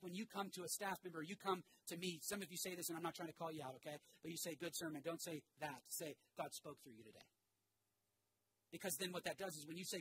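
A man with a slightly high voice, a pastor, preaches to his congregation in a church sanctuary, recounting a story with energy and shouted asides while the crowd repeats his phrases. Background noise is present.

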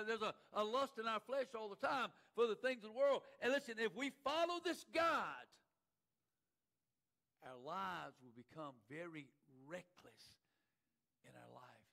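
A man preaching a sermon as pastor. He repeats phrases for emphasis and swings between loud cries and hushed low lines. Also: poor audio. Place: church sanctuary.

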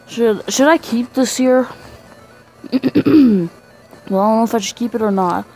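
A man's voice: high-pitched, measured pace, pauses often, darkish tone, soft background music, rough recording. A young male gamer with a sick, congested voice, chatting aimlessly to viewers while playing. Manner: rambling, chatty asides to viewers. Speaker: gaming channel host. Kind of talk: let's-play game commentary.

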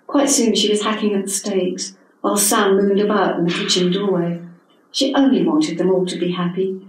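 A woman in her seventies reads her own prose, measured and expressive, at an even middle pitch. The sound is distant and heavily echoed, as from across a hall. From England. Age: 70s. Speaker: author reading her own story. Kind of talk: literary reading. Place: literary event hall.

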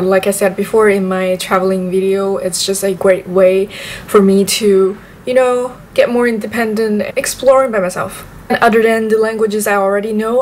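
A young woman from southern China chats in English with a Chinese accent, a native Chinese speaker in a casual vlog. She talks at a mid pitch, repeating words over and over for emphasis, with a faint hum of room ambience behind her. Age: young adult. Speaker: vlogger.

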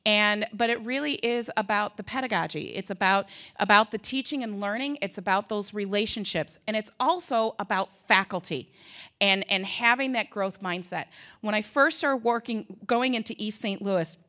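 Bright-voiced woman telling stories at a conference. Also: medium pitch, moderate pace. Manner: lively storytelling with asides, humor and acted quotes. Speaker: conference presenter. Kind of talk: conference talk.

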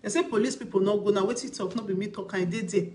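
A woman's voice: medium pitch, steady tone, fast, mellow, slight background noise. A woman vlogger with a Nigerian Pidgin accent, giving casual commentary on a video in an emphatic, repetitive way with rhetorical questions.

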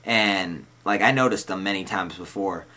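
A man's voice: deep voice, moderate pace, bright, forceful tone. Laid-back young man telling a rambling story. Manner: rambling, loose and slangy, lots of "like" and "dude". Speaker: vlogger telling a personal story. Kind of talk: casual storytelling.

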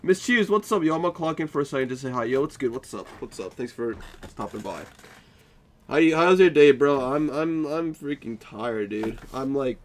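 A man's voice: medium pitch, expressive, moderate pace. A tired young man chatting casually with viewers while he plays a live game stream, joking and defending himself. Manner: drowsy, playfully defensive banter.

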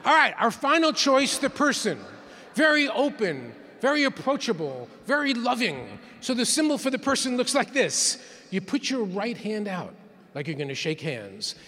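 A man's voice: extremely high pitch, very animated, moderate pace, bright, forceful tone. A man giving a playful keynote talk, leading the audience in call-and-response counts in a large conference hall. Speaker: keynote speaker. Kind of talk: interactive plenary talk.

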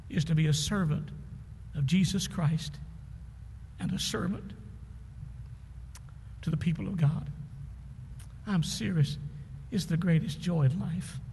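A man's voice: on the high side, a little mellow, big-room sound, a little hiss or hum. A man preaching a sermon as pastor, emphatic, with calls and responses to the congregation. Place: church sanctuary.

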